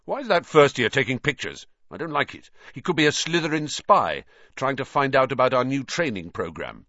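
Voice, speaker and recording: A man voicing an intense, bossy teenage team captain who talks briskly and flares up easily. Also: medium pitch, sing-song, sharp tone, no room sound, lo-fi sound, pitched above the performer's own voice. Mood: outraged. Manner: brisk, impatient, easily outraged.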